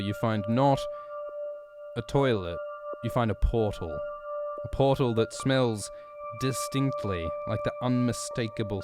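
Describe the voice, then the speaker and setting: A man with a fairly low voice rambles through an improvised horoscope as an absurd, deadpan story. He speaks casually and addresses the listener directly. Music plays clearly underneath. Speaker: podcast host.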